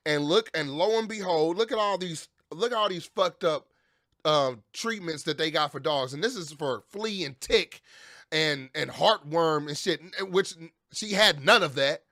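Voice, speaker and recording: Fired-up, high-voiced man ranting. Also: moderate pace, sharp tone, no echo, studio quality. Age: adult with children. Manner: heated, profane, repeats and restarts phrases. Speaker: vlogger. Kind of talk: angry storytelling rant.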